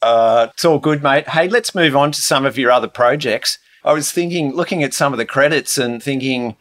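A man's voice: medium pitch, normal speed, a bit bright. A man hosting a podcast, chatty and matey as he asks questions. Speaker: podcast host. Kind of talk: conversational interview.

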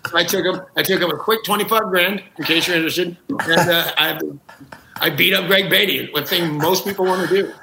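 A man's voice: high-pitched, a little fast, creaky, reverberant, background noise. A man, a talk show guest, telling comic anecdotes with gusto, acting out quotes and laughing at his own jokes. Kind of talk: animated comic storytelling.

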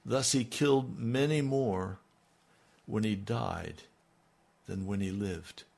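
Older male radio pastor, low-pitched and gravelly, slow earnest delivery. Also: darkish tone. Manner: slow, earnest, dropping to near-murmurs. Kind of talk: radio sermon.

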